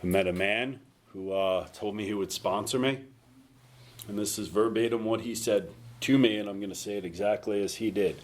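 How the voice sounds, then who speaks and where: A man's voice: fairly low pitch, moderate pace. Candid self-mocking man telling his story. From North Carolina. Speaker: recovery speaker. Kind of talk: personal recovery story told to a meeting.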